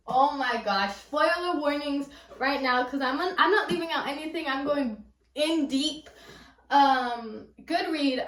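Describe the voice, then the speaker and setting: A young woman with a Californian accent casually chats about a book she just finished, rambling and gushing with plenty of fillers in a book vlogger's review style. Her voice is high-pitched and fairly bright, recorded in an echoey room a little far from the mic.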